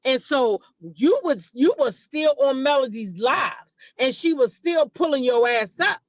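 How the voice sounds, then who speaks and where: A woman's voice: sits high, animated, measured pace, no room sound, dull audio. A woman hosting a casual gossip commentary, emphatic and profane, repeating her points and talking straight to her viewers. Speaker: host.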